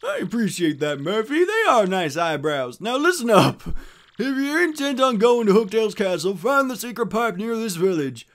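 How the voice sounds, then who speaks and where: A man voicing a long-winded, self-satisfied old village mayor in a video game, his voice pushed up high. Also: sing-song, moderate pace, fairly bright tone, exaggerated voice. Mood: pompous.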